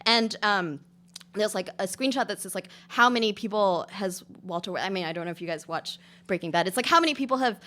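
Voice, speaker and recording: A woman author gives a public reading of her experimental prose to a live audience, speaking casually and filling it with lots of "like" and "um." Her voice is medium-pitched, fairly quick and sharp in tone.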